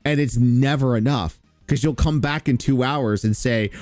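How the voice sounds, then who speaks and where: A man's voice: mid-range voice, normal speed, hardly any pauses, darkish tone, no room sound, soft background music. A man hosting reaction commentary, talking in a sarcastic, mocking, profane way. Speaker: streamer commentary host. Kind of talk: reaction commentary on stream clips.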